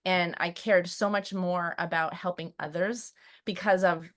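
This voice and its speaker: A middle-aged woman with a somewhat low voice talks in an emotional, hesitant way. She restarts her sentences often as she shares personal experiences in conversation. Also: fairly even intonation, unhurried. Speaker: guest. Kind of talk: personal conversation and poem reading.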